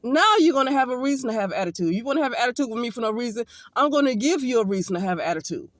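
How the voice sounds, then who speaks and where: A woman's voice: a little high, lively intonation, racing, no echo. A woman from Alabama, an occupational therapist talking bluntly and emphatically in a casual vlog monologue, with some profanity.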